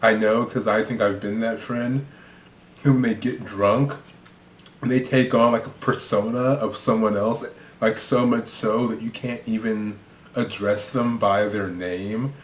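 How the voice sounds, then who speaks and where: A man's voice: on the low side, steady tone, measured pace, slight background noise. Chatty man reacting to clips. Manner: chatty, rambling, laughs a lot, many fillers. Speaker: reaction video host. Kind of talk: casual reaction commentary. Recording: roomy, dull lo-fi sound.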